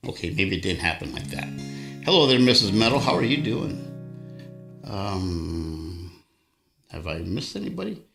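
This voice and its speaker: Older male streamer, gravelly folksy storyteller, echoey room with guitar behind. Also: low-pitched, very animated, a little slow, pauses often. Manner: folksy storyteller, rambling anecdotes. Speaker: livestream host and guitarist. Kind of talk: casual livestream chat.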